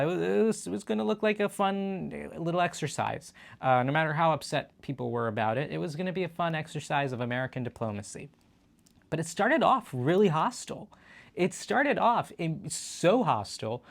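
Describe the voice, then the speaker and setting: A man's voice: fairly high pitch, animated, fairly quick, creaky. A man hosting his own show, giving casual political news commentary in a conversational way with frequent fillers and restarts. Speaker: show host.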